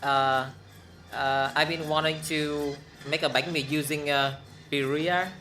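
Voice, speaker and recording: A man who is not a native English speaker reads viewer questions aloud on a livestream, haltingly and with fillers. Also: a little high, level tone, sharp tone, slight background noise. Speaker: stream co-host reading comments.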